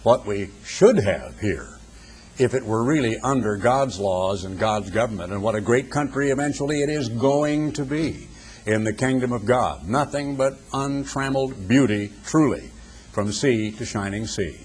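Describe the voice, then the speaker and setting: An older man giving a radio sermon, husky-voiced, building emphatic rhetorical questions. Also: mid-range voice, normal speed, darkish tone, slight background noise. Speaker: preacher, radio broadcaster.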